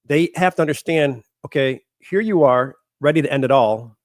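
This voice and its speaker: A man's voice: fairly high pitch, normal speed, no room sound, studio quality. A man hosting an interview podcast who asks direct, probing questions. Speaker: podcast host.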